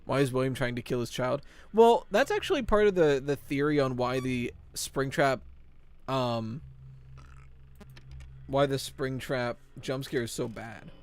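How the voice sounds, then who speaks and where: A young man live-streaming a horror game, chatting with viewers and telling groaner puns in an excitable, joking way. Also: medium pitch. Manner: excitable, quick yelps of frustration. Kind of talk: live-stream gameplay chat.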